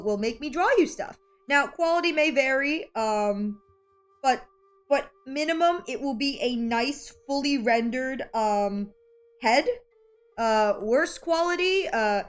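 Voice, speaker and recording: A woman streaming while drawing, chatting casually in a rambling, giggly way and swearing now and then. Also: on the high side. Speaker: art streamer.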